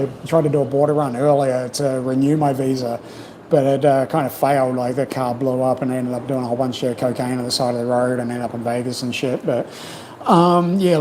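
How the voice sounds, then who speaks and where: On his channel's livestream, this New Zealand host talks casually and bluntly, peppering his stories with profanity and filler words. He speaks at a medium pitch with a slightly mellow quality. The audio is rough, with a little background noise.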